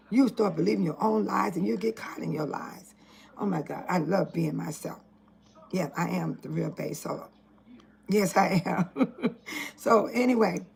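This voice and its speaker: Gravelly older woman vlogging from home. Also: on the low side, rough recording. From Illinois, US. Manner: earnest, preachy, emphatic repetition. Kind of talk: casual personal vlog.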